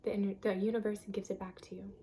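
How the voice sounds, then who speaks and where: A woman's voice: medium pitch, flat delivery, quick pace, dark tone, slight background noise. A woman giving an earnest, emphatic self-help talk on a vlog, repeating phrases for stress. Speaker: vlogger.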